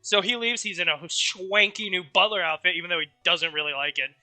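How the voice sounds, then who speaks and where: A man streamer casually recapping a story, rambling and animated, with offhand swearing. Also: high-pitched, a little fast, no room sound, soft background music.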